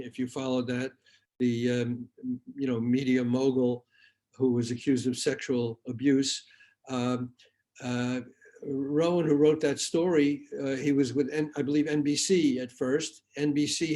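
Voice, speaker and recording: A man speaking as a guest journalist, answering audience questions at a lecture in a thoughtful, hesitant way with frequent pauses and restarts. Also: a little high, a little mellow.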